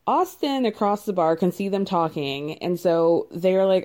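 A woman's voice: fairly low pitch, lively intonation, unhurried, few pauses, darkish tone. A woman hosting a podcast, chatting casually through a reality show recap, laughing often and saying "like" a lot.

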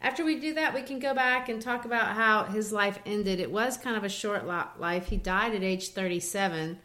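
A woman's voice: mid-range voice, moderate pace, pushed and bright. A woman with a mid-range voice talks through a poem like a patient teacher. Her delivery is chatty and explanatory, with small restarts as she finds the right words. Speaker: co-host explaining poetry. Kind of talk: casual educational chat.

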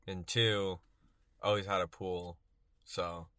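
With a low-pitched voice and a slow pace, a twenty-something Texan co-hosts a podcast from a car, animatedly telling a story with frequent laughter and acted-out voices. The sound is dry and studio quality.

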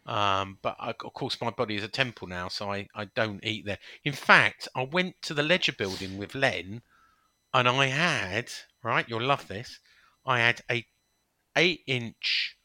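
A man's voice: medium pitch, moderate pace, sharp tone, no room sound. A man co-hosting a casual podcast, telling rambling anecdotes in a chatty way. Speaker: podcast co-host. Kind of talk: casual chat.

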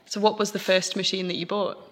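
High, husky-voiced man co-hosting. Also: level tone, fairly quick, fairly bright tone. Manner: encouraging, frequent short backchannels. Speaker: podcast co-host.

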